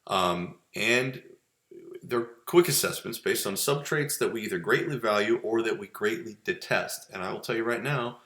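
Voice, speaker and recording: Low-voiced man lecturing in an echoey room. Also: normal speed, a bit bright. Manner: conversational, rambling with many fillers and restarts. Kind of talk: casual recorded lecture. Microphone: webcam with filter.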